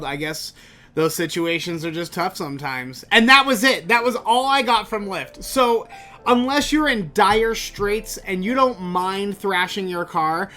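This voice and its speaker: A man hosting a podcast, telling a story in an animated, exasperated way and swearing freely. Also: sits high. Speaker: podcast host. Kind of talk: casual storytelling monologue.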